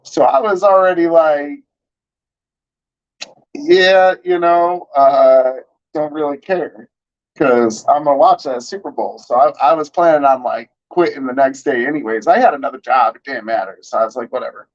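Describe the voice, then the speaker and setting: Here a thirtysomething man speaks at normal speed in a slightly high voice, casually spinning out a long, meandering story. His talk is relaxed and full of slang and fillers like "like" and "you know," captured on somewhat dull lo-fi audio.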